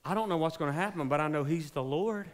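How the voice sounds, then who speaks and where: Preacher guy, 40s, high voice, chatty and jokey then fired up. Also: fast talker. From South Carolina, US. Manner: joking and conversational, building to fervent preaching. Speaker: pastor. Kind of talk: sermon.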